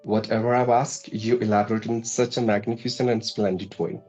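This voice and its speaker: Man, mellow voice, interviewer, formal and florid praise, faint music behind. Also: fairly low pitch, little pitch movement, brisk. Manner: florid, effusive praise with elaborate vocabulary.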